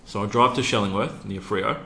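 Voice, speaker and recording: Deep-voiced Australian man telling stories. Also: fairly quick, vocal fry, sharp tone, echoey room. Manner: earnest, many ums, vivid storyteller. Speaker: interview guest, youth program founder. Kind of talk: casual storytelling in an interview.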